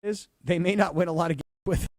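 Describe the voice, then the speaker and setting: A man co-hosting a sports talk radio show, animated and sarcastic, who slips into mocking impressions of players. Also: high-pitched, quick pace, dry recording, clean studio sound.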